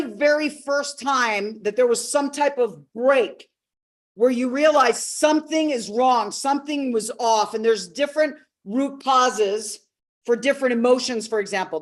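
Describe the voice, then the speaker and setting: High-voiced woman teaching a live masterclass. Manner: expressive teacher, acts out quotes, slows for key words. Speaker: personal development coach.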